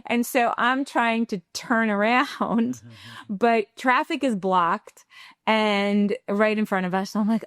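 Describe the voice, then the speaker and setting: Smooth-voiced woman telling a candid story. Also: medium pitch, normal speed, dry recording, clean studio sound. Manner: animated, acts out quoted dialogue; reflective and candid. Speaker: parenting podcast co-host. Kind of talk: conversational storytelling.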